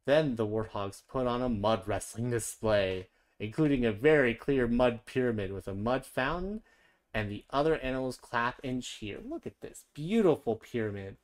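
A children's book reader, gentle and playful, reading a story aloud with chatty asides. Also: mid-range voice, normal speed.

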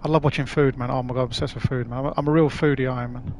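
A man's voice: mid-range voice, steady tone, rapid-fire, darkish tone, a little hiss or hum. Chatty man streaming a game. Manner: chatty, laughs often, swears casually. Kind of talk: casual live-stream chat while playing.

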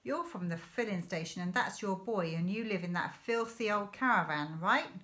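A woman voicing a hostile, bony gamekeeper in a storybook reading, talking in a gruff, sneering way. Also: mid-range voice, lively intonation, normal speed, fairly bright tone, lightly acted. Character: hostile gamekeeper, tall bony man, threatening.

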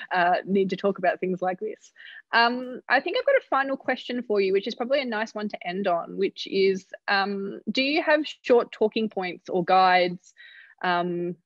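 A woman moderating an online panel, reading out audience questions in a relaxed way. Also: medium pitch, no echo, dull audio. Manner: relaxed, laughs easily.

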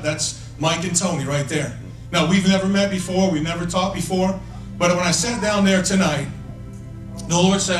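A male evangelist preaching prophetically to individuals, emphatic and playful, often repeating "listen" and laughing between points. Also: high voice. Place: church conference hall. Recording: echoey hall, mic from far off.

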